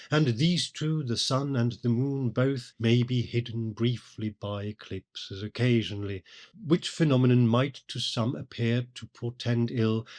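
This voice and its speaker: Male podcast host, mid-pitched, unhurried, deliberate scripted literary commentary. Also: darkish tone. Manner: measured, deliberate explanation.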